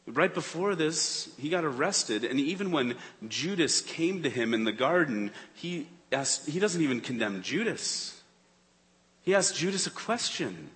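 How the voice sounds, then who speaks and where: A man preaching a sermon in a church, earnest, swinging between urgent emphasis and hushed tones. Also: on the high side, expressive, measured pace. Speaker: pastor. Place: church sanctuary. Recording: long reverb of a church hall.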